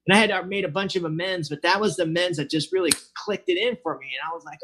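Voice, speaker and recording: A man's voice: a little high, brisk, a bit bright. A man from California telling his own recovery story at an online meeting, chatty and casual, acting out what people said and adding "you know" often. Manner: chatty, acts out quoted dialogue, says "you know" a lot. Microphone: computer mic on a video call.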